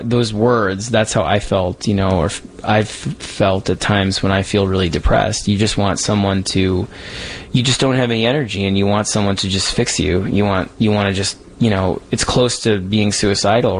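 A man's voice: fairly low pitch, fairly even intonation, normal speed, poor audio. Candid, rambling male writer. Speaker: comic book writer, guest. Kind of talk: interview answers. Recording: music playing underneath.

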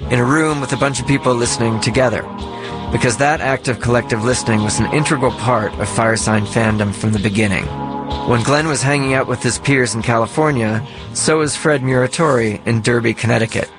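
Measured male documentary narrator. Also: mid-range voice. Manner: measured, even delivery. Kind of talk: scripted narration.

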